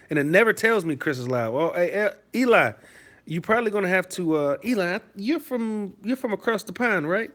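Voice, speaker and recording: A man's voice: high-pitched, lively intonation, a little fast, fairly bright tone. Profane, rambling man chatting on a stream. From Detroit, USA. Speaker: livestreamer reading chat. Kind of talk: casual live-stream chat.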